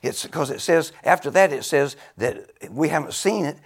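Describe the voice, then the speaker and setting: A man in his seventies preaching a sermon, exclaiming loudly, laughing between phrases and dropping to a near whisper for emphasis. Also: fairly high pitch, lively intonation, normal speed, husky. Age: 70s.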